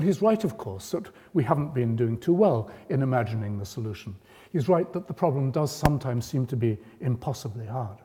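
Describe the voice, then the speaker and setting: Guy giving a lecture, mellow low-key voice, big hall echo, steady explaining tone. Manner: measured, explanatory, rising emphasis on key points. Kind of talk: public lecture. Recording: long reverb of a lecture hall.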